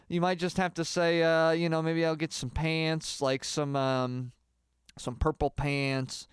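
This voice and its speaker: A man giving a deadpan mock singing lesson, rambling and halting with lots of filler words. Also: fairly high pitch, clean tone, no room sound, clean studio sound. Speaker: comedy mock singing teacher.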